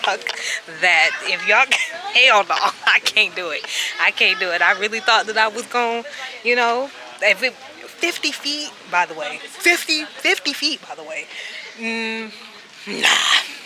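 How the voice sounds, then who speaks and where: A woman's voice: medium pitch, animated, unhurried, crowd noise, rough recording. A young woman vlogging by a lakeside cliff, chatting and joking in slang as she films on a handheld camera. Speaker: travel vlogger. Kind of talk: casual vlog chat. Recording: loud outdoor noise.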